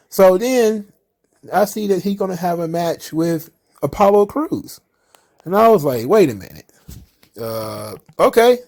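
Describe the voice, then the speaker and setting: A high-pitched man hosts wrestling commentary solo and informally, talking animatedly while imitating and mocking wrestlers in quick bursts.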